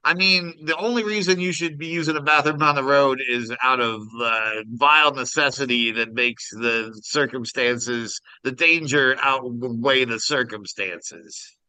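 A man's voice: medium pitch, measured pace, hardly any pauses, sharp tone, clean tone, no echo, poor audio. A man in his forties from Kansas, co-hosting a casual chat podcast over a video call, wry and rambling. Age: 40s. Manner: wry, rambling, does silly voices in his stories. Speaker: podcast co-host.

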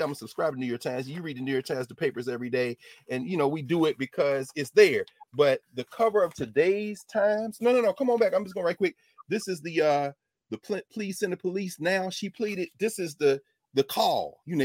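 A man talking in an impassioned casual conversation, swinging from loud outbursts to low murmurs, laughing often and cursing. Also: no echo. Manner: uses street slang and curses.

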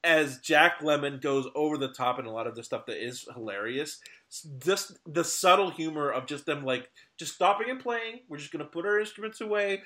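A man co-hosting a podcast, talking casually about classic films with halting restarts and frequent laughter. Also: a little high, bright, forceful tone. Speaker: podcast co-host. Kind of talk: casual film discussion.

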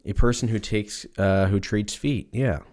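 A young man in his twenties with a fairly low voice hosts his own podcast alone. He rambles from topic to topic, cracks jokes and swears casually. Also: steady tone, unhurried, darkish tone. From Southern California. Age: 20s. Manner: rambling, joking, swears freely. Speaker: podcast host. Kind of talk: casual solo podcast chat.

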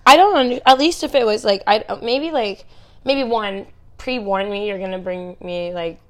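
A young woman in casual chat, laughing a lot and chiming in with quick reactions to a friend's story. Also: mid-range voice. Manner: giggly, reacting with laughter and quips.

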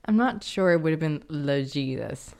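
A woman's voice: low voice, lively intonation, normal speed, a little mellow. A woman co-hosting a horror podcast, giggling and getting flustered while she is teased in casual banter. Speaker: podcast co-host.

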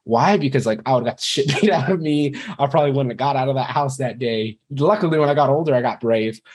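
A man in his thirties, appearing as a podcast guest, tells his personal story in a frank, rambling way and swears casually now and then. His voice sits at a medium pitch with a darkish, breathy edge, and he talks quickly.

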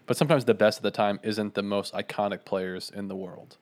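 Co-hosting a podcast, a young man speaks in a fairly low voice with fairly even intonation and a fairly quick delivery. The talk is casual chat, laid-back and rambling, with plenty of slang.

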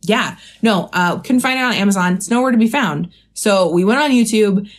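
A woman co-hosting a podcast in casual chat. She tells stories in a lively, giggly way and swears freely. Her voice sits at a middle pitch. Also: moderate pace. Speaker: podcast co-host.

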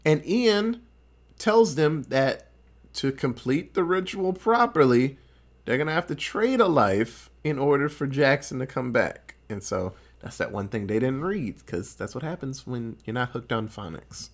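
A man casually recapping a film plot, swearing freely and acting out the characters' lines in quick put-on voices. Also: medium pitch, animated. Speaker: podcast co-host recapping a film. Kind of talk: casual chat.

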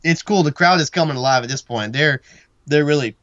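A man's voice: fairly high pitch, a little fast, a bit bright, no room sound, dull audio. A man co-hosting a podcast, giving a casual, rambling play-by-play recap of a wrestling match and laughing often. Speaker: podcast co-host.

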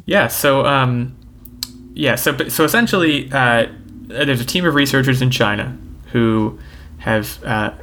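Guy hosting a podcast, laid back and jokey, lots of ums, pretty average pitch. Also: unhurried, bright, forceful tone, slight background noise. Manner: easygoing and jokey, with lots of hesitation sounds. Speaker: podcast host. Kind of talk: casual podcast chat.

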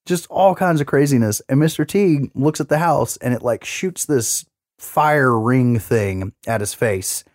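A man's voice: medium pitch, unhurried, no room sound, studio quality. A man hosting a casual podcast, recapping a movie scene by scene with lots of swearing and acted-out quotes. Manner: profane, animated retelling with acted-out quotes. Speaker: podcast host.

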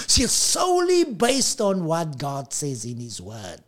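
A man preaching a sermon as pastor, emphatic and repetitive, slowing down to stress key lines. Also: fairly high pitch, wildly swooping pitch.

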